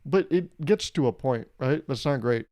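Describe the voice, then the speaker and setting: A young man hosting a solo comedic podcast, rambling and irreverent, swearing freely and breaking into loud mock voices when he quotes people. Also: mid-range voice, expressive, normal speed. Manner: profane. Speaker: podcast host.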